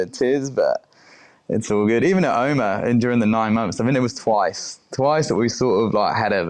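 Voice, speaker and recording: A chatty man with a voice that sits a little low, telling stories with loose, easy swearing. He is a chef in his thirties, speaking as a podcast guest in relaxed conversation. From United Kingdom. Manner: chatty, swears casually, acts out quoted speech. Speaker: chef and restaurant owner, guest. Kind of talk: casual interview chat.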